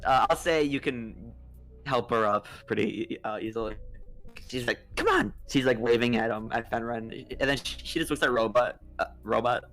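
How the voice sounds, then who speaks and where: Gravelly young man running a tabletop game. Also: mid-range voice, steady tone, fairly bright tone, faint music behind. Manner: halting, many fillers and restarts, laughs often. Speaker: dungeon master. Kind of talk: narrating a tabletop game over a voice call.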